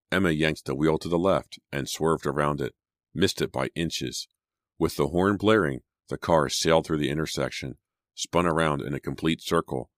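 A man narrating a teen horror novel as an audiobook, in steady, measured storytelling. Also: extremely low pitch, dry recording, clean studio sound. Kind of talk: scripted narration.

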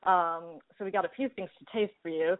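A woman's voice: lowish voice, steady tone, a little fast, no echo. Bubbly woman interviewing over a call. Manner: bubbly, rambling, frequent restarts. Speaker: interviewer, podcast host. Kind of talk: casual interview. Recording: dry, phone-like call audio.

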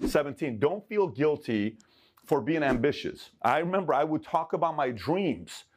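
A man's voice: fairly high pitch, very animated, moderate pace. A man in his forties from Iran giving motivational life advice, emphatic and repeating his points for stress. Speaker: motivational speaker.

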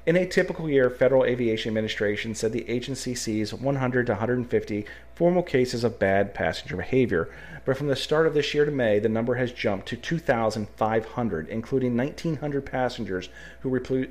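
A man with a mid-range voice co-hosts a casual podcast. He reads news items in a plain, steady way, then turns to blunt, sarcastic banter with some swearing. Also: medium pitch, fairly quick. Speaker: podcast co-host.

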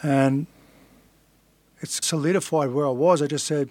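A man with a fairly high voice tells his story in an earnest, blunt and candid way, swearing now and then. His voice sounds close and dry, with no room sound. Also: steady tone, a little slow, long pauses, darkish tone, no echo. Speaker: guest, fighter. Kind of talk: casual storytelling interview.

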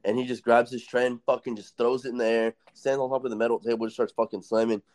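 A man's voice: mid-range voice, flat delivery, fast talker, darkish tone. A young man hosting a casual chat, telling stories in a rambling, profane way and laughing often. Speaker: podcast host.

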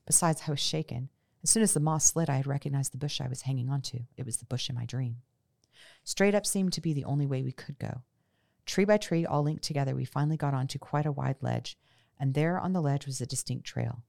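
A woman host reads a memoir in a steady storytelling way, her voice sitting low with a rough, gravelly edge. The sound is dry, with no room echo. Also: a little fast. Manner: steady storytelling with casual unscripted sign-off. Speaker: podcast host. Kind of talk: reading a memoir aloud.

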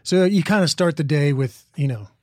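Being interviewed is an actor, a Midwestern American man in his forties, who answers thoughtfully, restarting sentences and adding asides. His voice is fairly high and somewhat dark, with lively intonation at a moderate pace, captured in a dry, clean studio recording.

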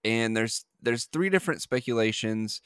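A man's voice: mid-range voice, animated, moderate pace, fairly bright tone, clean tone, no room sound, clean studio sound. A man hosting a podcast in casual chat, rambling with many fillers and restarts. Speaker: podcast host.

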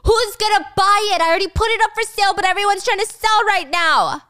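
A woman voicing a frantic, petty young male manager who yells in exasperation. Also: extremely high pitch, fast talker, no echo, studio quality, voice pushed up. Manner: yelling, exasperated.

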